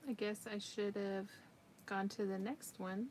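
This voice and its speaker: Woman, relaxed crafter chatting to her live viewers mid-project, mid-pitched, light noise behind. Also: measured pace. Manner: relaxed, chatty, talking to viewers while working. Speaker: livestream crafter. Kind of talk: casual livestream chat while crocheting.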